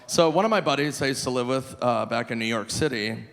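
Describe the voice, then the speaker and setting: A man in his forties from Minnesota doing a live stand-up set, animated and self-mocking, often breaking into laughter. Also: medium pitch, a little fast. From Minnesota, USA. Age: 40s. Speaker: stand-up comedian. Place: live theater stage. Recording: reverberant live venue, faint room noise.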